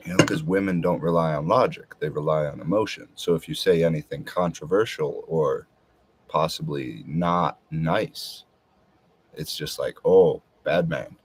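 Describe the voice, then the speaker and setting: A man's voice: a bass voice, normal speed, slightly rough. A man talking in a casual, rambling monologue, hesitant and full of filler words. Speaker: podcast host.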